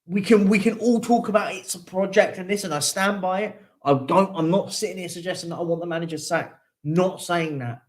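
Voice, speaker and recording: A man's voice: high voice, fairly quick, few pauses. A young man hosting a live football reaction show, venting his frustration in a repetitive, emphatic rant. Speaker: football fan channel host.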